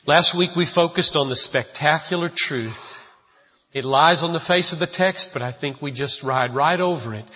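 In a church sanctuary, a male pastor delivers an emphatic sermon, repeating his key phrases. His voice is a little high, pushed, bright and husky, at a moderate pace. The recording sounds dull and lo-fi, with long hall reverb.

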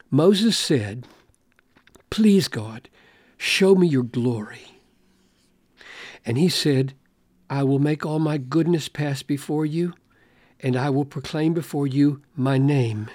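A man's voice: medium pitch, darkish tone, no room sound, studio quality. A man giving an expository Bible lesson, reading scripture aloud and explaining it, stressing key phrases by repeating them. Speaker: Bible teacher.

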